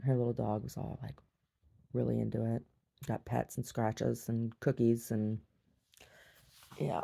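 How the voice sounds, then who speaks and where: A woman's voice: rumbling low, flat delivery, measured pace, creaky, long pauses, warm tone, slightly rough. A middle-aged woman, a gallery owner, chatting in a meandering, giggly way in a casual monologue.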